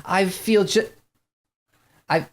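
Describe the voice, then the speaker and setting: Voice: mid-range voice, drawn-out words, voice pushed up. A game master voicing an ailing, theatrical female opera prima donna who moans languidly. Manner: languid, dramatic, moaning.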